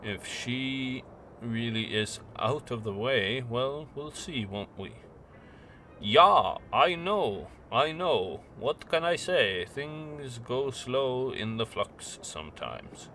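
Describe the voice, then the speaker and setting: A man's voice: medium pitch, animated, takes it slowly, pushed and bright, slight background noise. A man voicing a nasal, scheming woman who speaks in a businesslike way. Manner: sing-song turning businesslike.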